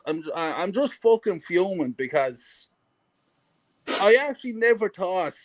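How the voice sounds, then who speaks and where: A man ranting furiously about his football club as a guest, sweary and emphatic, repeating words for effect. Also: high voice. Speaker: guest fan. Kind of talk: heated football rant.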